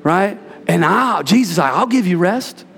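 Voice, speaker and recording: High gravelly preacher in a hall. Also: male voice, animated, unhurried, soft background music. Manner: playful, call-and-response, bursts into shouts. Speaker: pastor. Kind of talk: energetic sermon. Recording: reverberant hall.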